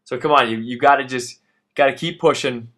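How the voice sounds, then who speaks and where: A man in his thirties talks through a workout as a fitness instructor. His voice sits at an ordinary middle pitch. He pushes hard with urgent encouragement and often sounds winded after the exercises. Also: a little fast, a bit bright. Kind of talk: workout coaching voice-over.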